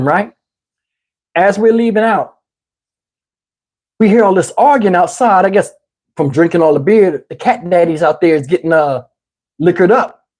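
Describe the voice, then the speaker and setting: A man telling a story in a casual, animated way, swearing freely and acting out what people said. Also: sits high. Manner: animated, profane, acts out quotes. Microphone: wireless lapel mic.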